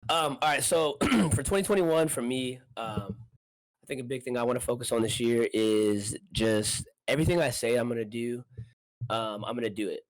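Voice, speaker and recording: Male podcast co-host, relaxed and slangy, mid-pitched, dry close mic. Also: moderate pace, dry recording, poor audio. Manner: laid-back, laughs often, slangy. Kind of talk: casual podcast chat. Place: apartment.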